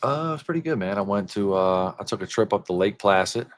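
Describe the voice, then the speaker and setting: Male podcast host, very low voice, upbeat slangy talker, casual. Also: animated, quick pace. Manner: enthusiastic slangy banter. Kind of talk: casual chat.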